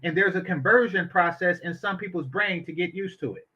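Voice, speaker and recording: A man with a bright, forceful voice gives blunt, opinionated commentary and swears freely. He sits a little high in his register. The audio is dull and lo-fi. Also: fairly quick, slightly rough. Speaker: commentary channel host. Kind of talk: casual commentary on an interview.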